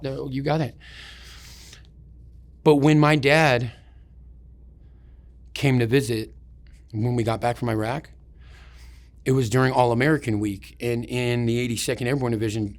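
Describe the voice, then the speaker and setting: A man, an army veteran, telling war stories in an interview in a rambling way, swearing often and restarting his sentences. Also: medium pitch. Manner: profane, rambling, many restarts. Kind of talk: casual storytelling.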